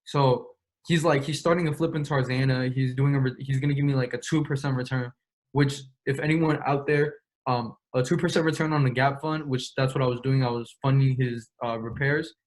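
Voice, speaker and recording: Young man, interview guest, slangy and profane, casual storytelling, mid-pitched voice. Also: steady tone. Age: young adult. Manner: slangy, profane, quick retelling with quoted dialogue.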